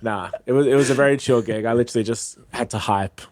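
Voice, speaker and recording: A man who is a freestyle MC, chatting as a podcast guest, telling lively stories with frequent laughs and acted-out quotes. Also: medium pitch, quick pace, no room sound. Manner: lively, laughs often, acts out quoted voices. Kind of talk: casual storytelling chat.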